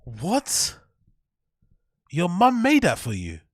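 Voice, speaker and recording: A man's voice: sits high, wildly swooping pitch, slow pace, husky, no room sound, studio quality. A man hosting a reaction show, ranting in mocking, incredulous, sweary bursts. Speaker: host. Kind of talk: reaction commentary.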